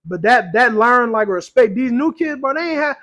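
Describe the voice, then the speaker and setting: High-voiced young man, slangy podcaster. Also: lively intonation, normal speed, sharp tone. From Louisiana or Texas, US South. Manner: slangy storytelling, laughs often. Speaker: podcast co-host. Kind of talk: casual podcast chat.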